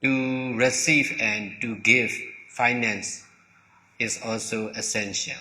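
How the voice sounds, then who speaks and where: Monk teacher, male, native Burmese speaker: very slow, halting delivery, bright tone, long hall reverb. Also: mid-range voice, fairly even intonation. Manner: halting, repeats words, pauses between short phrases. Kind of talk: slow dharma talk.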